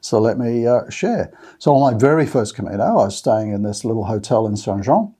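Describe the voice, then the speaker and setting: A man's voice: fairly low pitch, expressive, a little fast, warm tone, slightly rough. An Australian man hosting a walking-trip channel, chatting casually to camera in a rambling way with many fillers and restarts. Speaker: Camino walking channel host. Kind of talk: casual talk to camera with notes.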